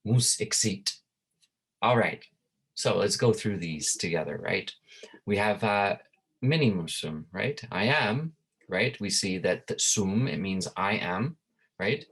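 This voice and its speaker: Casting: a man with a Canadian accent as a Latin tutor, a low voice with lots of swing, unhurried, tags everything with "right?". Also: expressive, a bit bright, husky. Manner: says "right?" constantly, reads Latin slowly. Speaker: Latin teacher. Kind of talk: online lesson.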